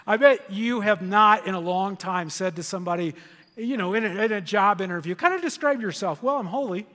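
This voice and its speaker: An older man, a grandfather, preaching a sermon in a church auditorium, animated and leading the congregation in repeated phrases. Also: high-pitched, normal speed, in a large hall. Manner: animated, storytelling with congregation call-and-response. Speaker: pastor.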